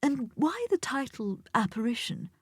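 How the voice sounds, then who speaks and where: A woman voicing an affected male art collector in an audiobook, with a theatrical, drawn-out manner. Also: fairly high pitch, very animated, breathy edge, no room sound, studio quality, voice pushed up, heavily acted. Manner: exaggerated, drawn-out pronunciation. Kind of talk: audiobook character voice.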